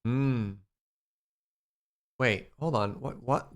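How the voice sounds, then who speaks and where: Medium in pitch and moderate in pace, this man's voice comes from a live stream of a building game. He keeps things lively and fun, talking straight to his viewers in the chat.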